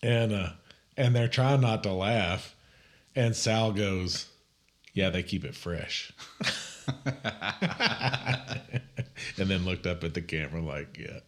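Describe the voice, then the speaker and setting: A man co-hosting a podcast, telling stories in a lively, casual way and laughing often. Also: low-pitched, takes it slowly, pauses often. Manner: animated storyteller, laughs often. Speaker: podcast co-host. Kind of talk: casual chat.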